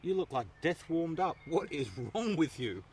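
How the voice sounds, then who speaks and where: Bloke putting on his fed-up dad, blunt, swearing, a bit higher than his own voice. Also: sing-song, normal speed, a little hiss or hum. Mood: exasperated. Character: shocked, exasperated father.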